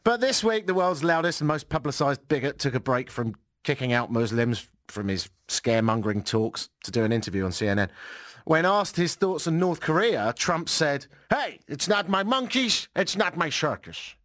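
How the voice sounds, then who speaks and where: A man's voice: medium pitch, expressive, moderate pace, fairly bright tone, no room sound, clean studio sound. A man hosting a radio show in casual chat, with a wry, sarcastic way of talking.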